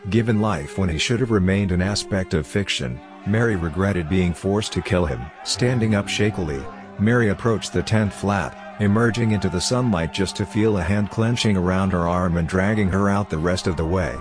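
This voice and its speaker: Deep-voiced man narrating an audiobook. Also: moderate pace, music in the background. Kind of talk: scripted narration.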